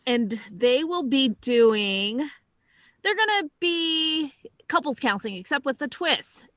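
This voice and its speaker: A woman's voice: high voice, sing-song, slow, fairly bright tone, no room sound. A woman hosting an improv comedy show over a video call, announcing the games in an upbeat way.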